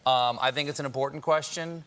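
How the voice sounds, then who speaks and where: A man's voice: mid-range voice, steady tone, a little fast, fairly bright tone. A man hosting a talk show, playful and showman-like as he questions his guest.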